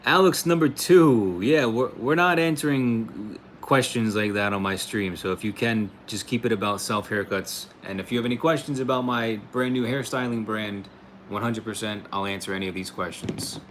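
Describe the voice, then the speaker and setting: A man's voice: lowish voice, normal speed, a bit bright, a little hiss or hum. An American man hosting a casual livestream, reading out chat comments in a laid-back way, laughing often and calling people "bro" and "dude". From United States. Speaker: livestream host answering chat.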